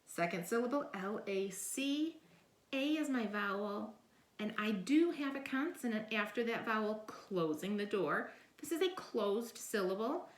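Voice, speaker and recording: A woman's voice: medium pitch, expressive, unhurried, echoey room. A woman teaching a phonics lesson, patiently sounding out letters and syllables step by step.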